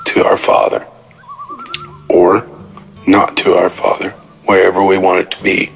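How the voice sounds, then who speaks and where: A man's voice: deep voice, monotone, measured pace, gravelly, faint music behind, poor audio. A man calling in to pray aloud, solemn and emphatic. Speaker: caller. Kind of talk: spoken prayer.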